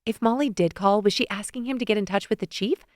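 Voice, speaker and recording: A woman narrating a first-person romance audiobook in a lively, expressive way, often lifting into excited questions, recorded close to the mic. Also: medium pitch, quick pace, no echo.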